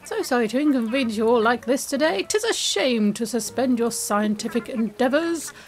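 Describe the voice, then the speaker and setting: A woman's voice: fairly high pitch, expressive, normal speed, faint music behind. A woman voicing a posh, fussy male owl museum curator with a plummy, formal English accent. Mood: apologetic.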